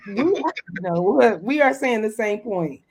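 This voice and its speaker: A woman hosting a casual chat recapping a reality show, animated and quick to act out quotes. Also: mid-range voice. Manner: animated, acts out quotes, laughs often. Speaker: host.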